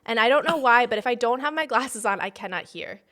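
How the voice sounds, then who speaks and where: A woman's voice: a little high, expressive, fairly quick, fairly bright tone. A young adult woman co-hosting a podcast, chatting casually with dry, teasing banter. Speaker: podcast co-host. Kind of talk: casual gossip chat.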